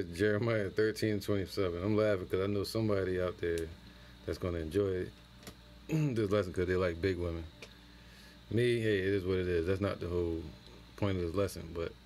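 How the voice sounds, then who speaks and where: Man, very low voice, scripture lesson, slow verse reading, slangy asides, faint hiss behind. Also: a little mellow. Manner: reads scripture slowly, then comments in loose street slang. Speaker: teacher of a religious camp.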